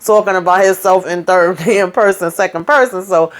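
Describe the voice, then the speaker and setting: A woman host recapping a TV episode in a casual storytelling way, chatty and animated, with salty slang and frequent asides. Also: lowish voice, moderate pace.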